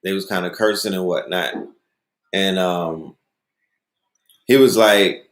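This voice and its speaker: A man's voice: deep voice, takes it slowly, long pauses, roomy sound. A man hosting a casual monologue, telling stories loosely and often asking "you know what I mean". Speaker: host.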